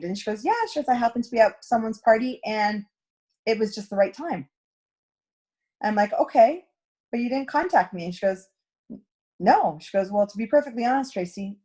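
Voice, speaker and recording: A woman's voice: mid-range voice, a little mellow, slightly rough. A middle-aged woman coaching a direct sales team in a chatty storytelling talk, acting out quoted dialogue. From Canada.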